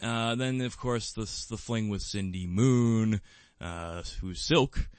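A man's voice: fairly low pitch, slow, clean tone, no room sound. A man co-hosting a podcast in casual fan chat, rambling with lots of fillers and restarts, with bursts of enthusiasm. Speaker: podcast co-host.

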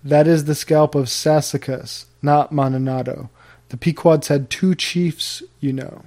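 A man's voice: a little high, fairly even intonation, measured pace, a little mellow. A man voicing a deferential, awkward colonial manservant with a polite, hesitant manner of speech. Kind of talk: audiobook character reading.

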